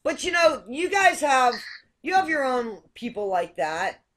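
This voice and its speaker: A woman's voice: sits high, sing-song, measured pace, a bit bright. A woman hosting a casual chat show, curious and asking question after question. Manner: curious, asks many questions. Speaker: host.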